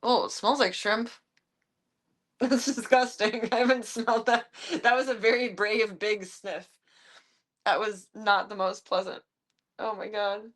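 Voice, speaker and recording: A woman's voice: mid-range voice, flat delivery, measured pace, pauses often, a bit bright. A woman live streamer at home, chatting casually and talking to her pets in an amused, baffled way. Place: at home with her cats and dogs.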